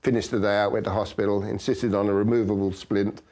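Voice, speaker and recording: A man's voice: on the low side, fast talker. Older man telling stunt stories. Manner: lively storyteller, acts out quoted dialogue. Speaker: stunt coordinator guest. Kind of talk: anecdotal interview storytelling.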